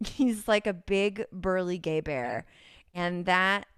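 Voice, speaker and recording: A woman's voice: on the low side, takes it slowly, fairly bright tone, clean tone, no echo, clean studio sound. A woman with a Californian accent, a podcast guest who rambles and giggles through casual chat, full of ums. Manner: rambling, giggly, many fillers.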